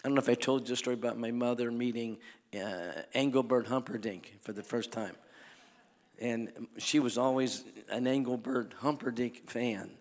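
An older man preaching at a crusade, telling folksy stories in a sermon that swings from soft talk to loud exhortation. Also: medium pitch, steady tone, moderate pace. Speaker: evangelist preacher. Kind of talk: sermon with storytelling. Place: large church or arena at a crusade. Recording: long hall reverb.

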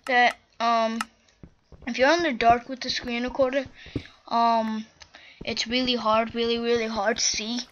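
A woman's voice: a little high, flat delivery, unhurried. A woman hosting a gaming video, chatting casually as she plays and breaking into flustered, panicked outbursts. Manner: chatty, easily flustered, bursts into panicked shouts. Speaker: gaming channel host. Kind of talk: casual game commentary. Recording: dull lo-fi mic with faint noise.

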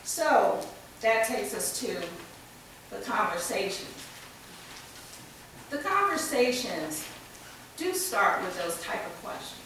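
An American woman giving a conference keynote, slightly under the weather with a cold, speaking in a deliberate, measured way with touches of dry humor. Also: medium pitch, very animated, fairly bright tone. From United States. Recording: echoey hall from far off, faint noise.

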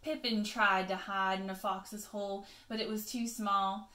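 A woman teacher reading a picture book aloud to children, expressive, with chatty asides to her pupils. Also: medium pitch, measured pace, echoey room.

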